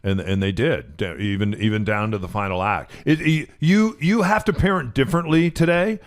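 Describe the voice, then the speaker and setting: A man's voice: lowish voice, normal speed. Male co-host, easygoing studio chat, rambles and backtracks. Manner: rambling, stops and restarts often. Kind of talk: casual talk radio chat.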